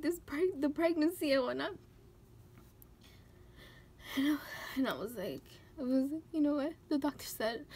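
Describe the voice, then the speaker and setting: A young woman talking through her tears while doing her makeup on camera, halting and restarting often. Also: high voice, a little mellow. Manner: tearful, halting, many restarts and fillers. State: close to tears. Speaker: beauty vlogger. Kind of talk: emotional talk during a makeup tutorial.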